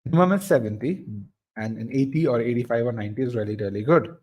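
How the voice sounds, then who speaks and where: A man leads a live test-prep webinar in a mid-pitched voice. He explains things step by step, often restarting and repeating words mid-sentence. He also reads out and responds to comments from his audience. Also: fast, a little mellow, slightly rough.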